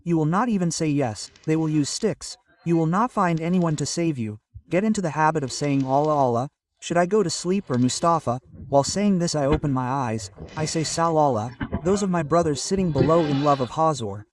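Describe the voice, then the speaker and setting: A man's voice: fairly high pitch, expressive, fairly quick. A male cleric preaching a sermon from India, emphatically coaxing the gathering to call back their responses. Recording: distant mic with loud crowd.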